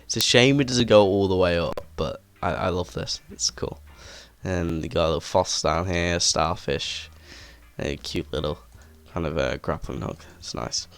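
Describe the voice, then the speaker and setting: Low-voiced man rambling over game footage. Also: moderate pace, a bit bright, clear, resonant tone, no room sound. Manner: rambling, enthusiastic, many fillers. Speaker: gaming video creator. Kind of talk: casual game walkthrough commentary. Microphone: desk microphone with headset.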